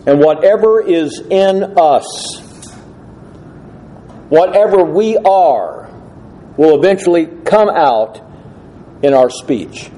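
Slow, mellow-voiced male preacher. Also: on the high side, animated, rough recording. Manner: earnest, emphatic, numbered points. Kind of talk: expository sermon.

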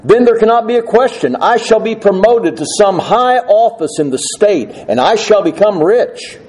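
A man's voice: sits high, lively intonation, moderate pace, a little mellow, pitched above the performer's own voice. A man voicing an eager, ambitious young male law student in a story told from the pulpit.

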